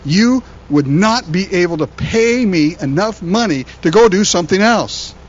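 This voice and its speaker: A pastor delivers a sermon in an animated, conversational style, frequently repeating words. His voice is high-pitched, his speed is normal, and the recording sounds lo-fi.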